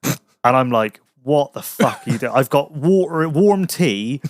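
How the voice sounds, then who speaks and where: A man's voice: mid-range voice, expressive, measured pace. A man telling a crude anecdote on a podcast, swearing a lot and laughing at his own story in casual chat. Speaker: podcast host.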